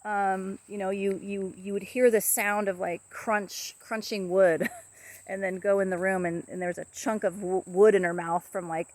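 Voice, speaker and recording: A woman casually talking to camera about her pet parrot, rambling softly with many fillers and restarts. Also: mid-range voice, level tone, moderate pace, no room sound.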